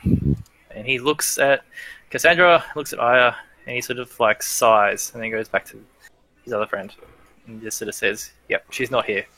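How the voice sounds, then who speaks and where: Bright-voiced man running a tabletop game. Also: medium pitch, normal speed, no room sound. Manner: hesitant, many fillers and restarts. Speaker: game master.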